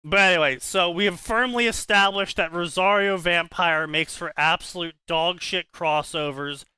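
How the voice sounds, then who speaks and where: A podcast co-host rants casually and swears, often repeating words as he gets a thought going. His voice sits high and sharp, at a moderate pace. The sound is clean with no room noise.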